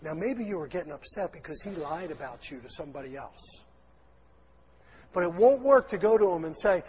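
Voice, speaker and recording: A man's voice: on the high side, lively intonation, moderate pace, darkish tone, a little hiss or hum. A man preaching a sermon with a Southern accent, folksy and chatty, acting out little dialogues. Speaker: pastor. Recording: dull, lo-fi sound in a long-echo hall.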